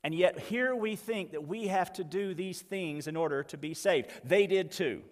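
A man's voice: high-pitched, moderate pace, in a large hall. A man preaching a sermon as pastor, conversational and emphatic, with folksy asides.

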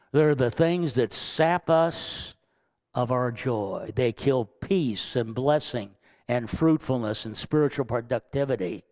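With a mellow edge to his mid-range voice, this man preaches earnestly from the pulpit. Frequent chuckles break up his sermon, and he performs God's lines as he quotes them.

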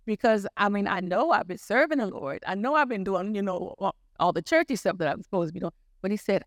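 A woman's voice: mid-range voice, lively intonation, fairly quick, dry recording, studio quality. An older woman preaching a sermon, telling her own story in an earnest, repetitive way.

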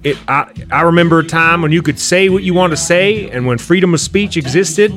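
A man's voice: a little high, a little fast, voice pushed up, natural voice. A man putting on a brash, gun-loving redneck cowboy outlaw for a podcast comedy bit, talking in a blunt, cranky, boastful drawl. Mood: gruff.

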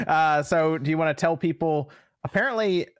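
A man hosting a podcast, opening the episode in a relaxed way and laughing easily. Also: on the high side, measured pace. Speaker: podcast host.

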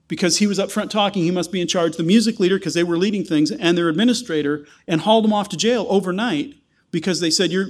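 A man preaching a sermon in a conversational, animated way, with asides and humor. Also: high-pitched. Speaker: pastor.

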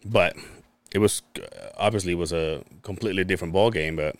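A man's voice: sits low, brisk, no echo. A man chatting casually on a podcast in a studio, telling a long work story with lots of restarts, repeated words and cursing. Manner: rambling storyteller with many restarts; swears freely. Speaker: podcast guest. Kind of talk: casual chat.

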